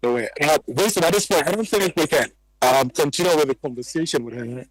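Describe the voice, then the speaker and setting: A man, reporting live from a flooded neighborhood and gently interviewing residents. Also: a little high, a little fast, no room sound, low-quality recording. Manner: calm, gentle interviewer who consoles guests. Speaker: field reporter. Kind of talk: live on-scene news report.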